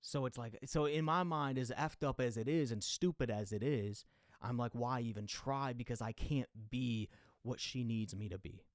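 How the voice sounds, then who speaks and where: A young man muses aloud on a casual podcast, looping back with "you know" and "like" and rising into exasperated bursts. His voice sits at an ordinary middle pitch. The sound is close and dry, with no room echo. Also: normal speed. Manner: rambling, confessional, full of fillers and restarts; goes loud and exasperated when ranting. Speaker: podcast host. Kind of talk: casual monologue.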